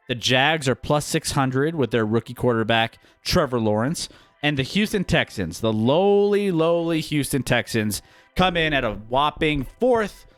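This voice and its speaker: A man hosting a live sports betting stream, talking in a relaxed, rambling way with loose filler words. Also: medium pitch, smooth, dry recording. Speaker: sports betting show host.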